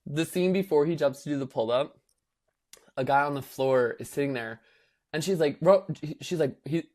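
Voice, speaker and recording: A young man co-hosts a podcast, his voice a little high and his pace moderate. In casual chat he tells an animated story, acting out quotes and using lots of filler words.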